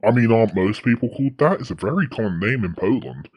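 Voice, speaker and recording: Sarcastic man with a pitched-down voice. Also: animated, fast talker, breathy edge, no room sound, highs cut off. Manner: sarcastic, swears casually, dry jokes. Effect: voice pitched lower by an effect. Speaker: co-host. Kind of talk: casual chat.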